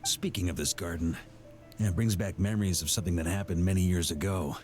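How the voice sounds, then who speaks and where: An actor playing a hearty middle-aged knight grandmaster in a game, talking in a measured, formal, storytelling way. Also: male voice, sits low, fairly even intonation, darkish tone, soft background music, lightly acted. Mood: reminiscing. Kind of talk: game voice acting.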